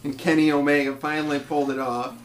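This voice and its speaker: A man co-hosting a wrestling podcast, calmly recapping match results in casual talk. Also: on the high side, fast, reverberant, rough recording. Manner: steady recapping of results, laughs along. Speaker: podcast co-host.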